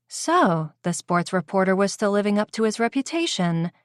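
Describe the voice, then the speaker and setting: A woman reading an audiobook novel in an even, measured way on a close mic. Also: medium pitch, no room sound. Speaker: audiobook narrator. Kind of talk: scripted narration.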